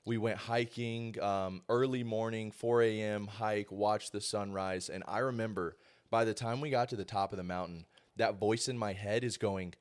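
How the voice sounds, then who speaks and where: A young man in his twenties, a podcast host telling animated stories in casual chat and mimicking others. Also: on the low side, moderate pace.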